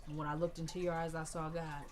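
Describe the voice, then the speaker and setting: A woman voicing a grieving grandmother who speaks softly and tenderly over a casket while retelling a TV scene. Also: level tone, fast, a little hiss or hum, natural voice. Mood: tender grief. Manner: hushed, tender, low.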